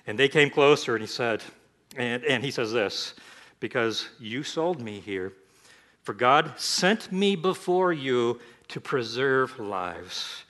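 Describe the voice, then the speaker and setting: A man preaching a sermon, animated, breaking into lively voices for the people in the scripture. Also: slow. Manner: animated, acts out scripture voices with sudden jumps in pitch and volume. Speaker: pastor.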